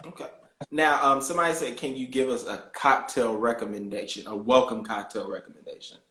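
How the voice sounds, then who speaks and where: A man's voice: mid-range voice, steady tone, brisk, bright, forceful tone. A man with a mid-range voice hosts a casual interview over a video call, easygoing and curious in his questions. His voice carries a roomy echo. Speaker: host.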